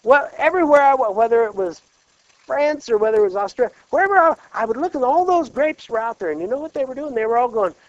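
Man preaching, swooping lively delivery, dry dull recording. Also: very high voice, fast, no echo. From Kansas. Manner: animated, peppered with rhetorical check-ins. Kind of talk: sermon.

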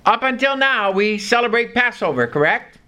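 A man's voice: very high-pitched, expressive, moderate pace, pushed and bright, smooth. A man teaching a Bible study, reading scripture aloud and explaining it with questions to his listeners.

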